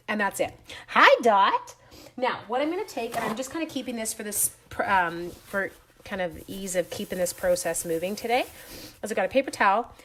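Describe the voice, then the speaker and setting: A middle-aged woman giving a chatty live craft demonstration from her home craft room, greeting viewers as she works. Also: medium pitch. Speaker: stamping demonstrator.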